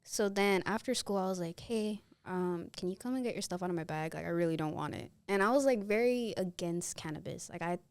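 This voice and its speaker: Woman, twenties, lowish voice, animated storyteller, dry close mic. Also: brisk, few pauses, no echo. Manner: animated, acts out the people in her stories. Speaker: podcast guest. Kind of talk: casual storytelling.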